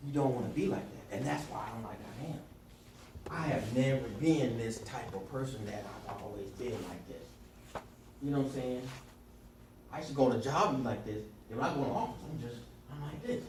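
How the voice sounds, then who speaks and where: A man leading a small sales workshop, telling animated stories and acting out quotes in a sarcastic, lively way. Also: fairly quick. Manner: lively storyteller, acts out quotes in high voices, sarcastic. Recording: echoey room from far off, clear background noise.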